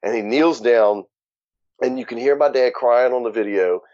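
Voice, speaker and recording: A man's voice: mid-range voice, normal speed, a little mellow, dry recording. A man speaking as an interview guest, telling his story frankly and casually, swearing and sometimes laughing at grim moments. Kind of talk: candid conversational storytelling. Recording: dull muffled podcast audio.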